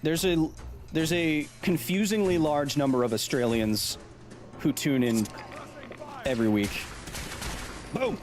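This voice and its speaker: A man's voice: on the high side, fairly even intonation, measured pace, long pauses, darkish tone, soft background music. A man doing live gameplay commentary as a science streamer, reacting to the game and reading chat aloud.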